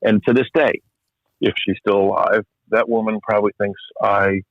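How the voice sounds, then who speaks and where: Middle-aged male physician guest, reflective and candid, slightly low voice, close dry mic. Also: fairly even intonation, moderate pace, creaky, no room sound. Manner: candid, reflective, self-deprecating. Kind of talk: conversational podcast storytelling. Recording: slightly muffled podcast audio.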